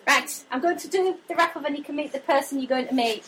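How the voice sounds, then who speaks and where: A woman's voice: sits high, quick pace, a bit bright, slight background noise, rough recording. Giggly woman reading a list. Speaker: podcast co-host. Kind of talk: casual live chat. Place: live meetup with an audience.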